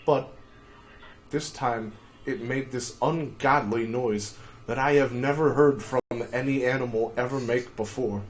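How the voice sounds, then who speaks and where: A man telling a crude, profanity-filled story on a casual livestream, with shouted outbursts. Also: medium pitch, steady tone, measured pace. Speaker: streamer.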